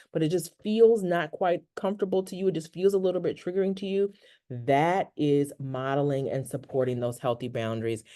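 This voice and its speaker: A counselor giving an online workshop over a video call, talking in a relaxed, conversational way and often checking in with "right?". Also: mid-range voice.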